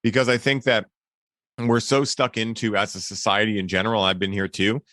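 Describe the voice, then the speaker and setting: A man's voice: on the low side, fairly even intonation, a little fast, pushed and bright, dry recording, studio quality. A man hosting a podcast who talks in an earnest, encouraging way, often adding "right?" and "man". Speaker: podcast host. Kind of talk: casual reflective conversation.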